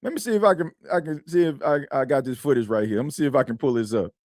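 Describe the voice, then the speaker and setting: A man's voice: mid-range voice, fast, a little mellow, no echo, studio quality. Rambling man hosting a sports podcast. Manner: rambling, repetitive, slangy. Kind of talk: casual chat.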